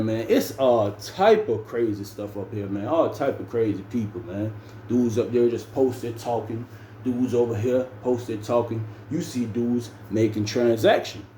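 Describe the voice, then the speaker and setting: A man's voice: mid-range voice, dark tone. A man telling a story casually and animatedly, with heavy slang and frequent "bro" and "man". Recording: roomy room with faint ambient noise.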